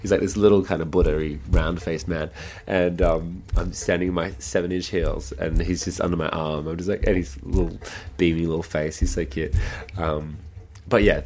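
Deep-voiced chatty man telling stories. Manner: chatty, animated, acts out quoted voices. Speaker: drag performer. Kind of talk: casual storytelling.

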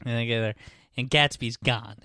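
A man hosting a podcast, casually retelling a novel with lots of fillers and quick acted-out voices. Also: mid-range voice, fairly even intonation, sharp tone, no room sound, clean studio sound. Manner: rambling, hesitant, acts out characters in quick voices. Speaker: podcast host.

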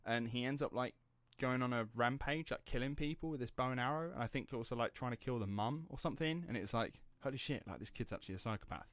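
A man's voice: medium pitch, quick pace, fairly bright tone, dry recording. A young man hosting a casual true-crime podcast, chatty and rambling, swearing and laughing easily as he tells the story. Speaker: podcast host telling the story.

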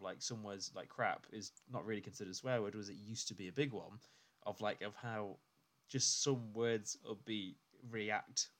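A man co-hosting a podcast, rambling through animated stories in casual chat with many fillers. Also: on the low side. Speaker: podcast co-host.

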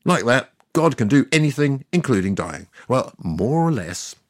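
An actor playing God as a sardonic narrator, telling the story in a scripted comic style with offhand asides. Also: male voice, medium pitch, big pitch swings, moderate pace, no echo, clean studio sound. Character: God as a sardonic, boastful narrator, ageless man.

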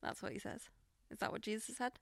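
A woman's voice: on the high side, steady tone, creaky, no room sound, studio quality. A woman, playful and teasing, chatting casually and joking. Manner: playful, teasing, quick to laugh. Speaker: podcast co-host. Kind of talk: casual comedic chat.

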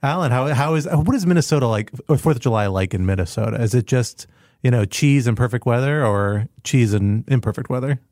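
A man's voice: medium pitch, lively intonation, a little fast, darkish tone, dry recording. A man hosting a podcast in a studio, introducing topics with playful wordplay and frequent laughs. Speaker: podcast host.

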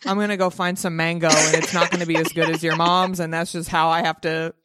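A woman's voice: lowish voice, level tone, fast, a bit bright, no room sound. A woman hosting a podcast in casual chat, playful and gushing, with a dry close-mic sound. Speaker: podcast host.

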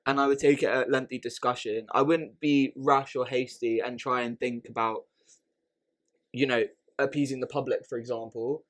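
Guy on a chatty podcast, middle pitch, keeps restarting and asking right?. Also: steady tone, moderate pace. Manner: thinks aloud, repeats words, asks "right?". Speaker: podcast co-host. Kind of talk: casual chat.

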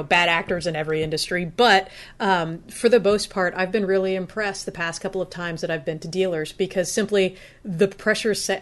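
A woman giving casual, practical advice in an easygoing conversational way, acting out what a buyer might say. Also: on the low side. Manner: chatty, practical, acts out buyer's inner voice. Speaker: car buying expert guest.

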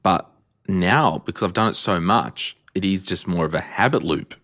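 Very low-voiced male podcast host. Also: normal speed, no echo, clean studio sound, soft background music. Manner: relaxed, reflective, jokey. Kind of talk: casual podcast conversation.

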